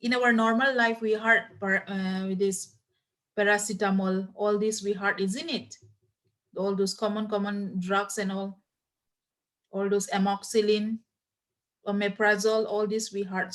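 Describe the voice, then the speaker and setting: A woman's voice: medium pitch, level tone, measured pace. A woman teaching a classroom lecture, who repeats herself, spells out words letter by letter and uses many fillers like "uh" and "like". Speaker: nursing teacher.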